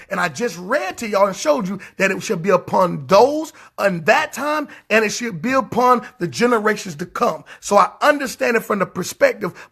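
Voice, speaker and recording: A man's voice: sits high, gravelly, sharp tone, breathy edge. A man preaching a livestreamed sermon in a fiery, repetitive, scolding way, stretching words out for emphasis.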